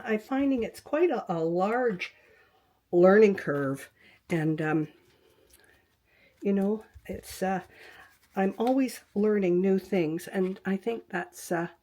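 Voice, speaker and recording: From her home craft room, an older woman leads a relaxed quilting tutorial over webcam, chatting away, muttering to herself as she works and now and then drifting into whispers. She has a medium-pitched, dark-toned voice.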